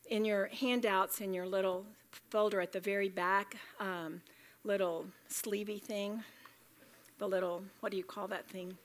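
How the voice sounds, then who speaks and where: A woman giving a Bible study talk to a room of women, chatty and joking yet earnest. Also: mid-range voice. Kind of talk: sermon.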